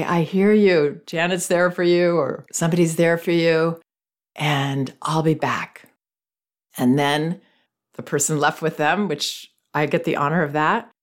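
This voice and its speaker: A middle-aged woman with a notably deep, low-pitched voice tells a story in a reflective podcast monologue. She speaks gently and thoughtfully, taking her time with each point. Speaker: parenting educator and podcast host.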